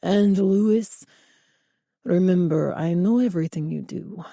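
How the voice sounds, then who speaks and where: A woman voicing a cold, threatening cartel boss man with a Spanish accent, speaking slowly and low. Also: gravelly, warm tone, no echo, clean studio sound. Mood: menacing.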